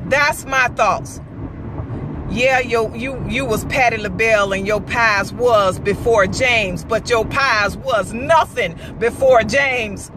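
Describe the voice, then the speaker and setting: A woman's voice: fairly high pitch, takes it slowly, background noise. A woman vlogging her strong opinion from her car on the drive home from work, fired up and preachy, hammering her points again and again. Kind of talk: impassioned opinion vlog.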